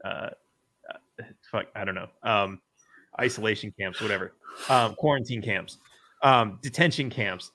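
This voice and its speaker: A man's voice: fairly low pitch, measured pace, pauses often, bright, forceful tone. A man hosting a casual political podcast, rambling and swearing, with lots of fillers and restarts. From United States. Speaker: podcast host.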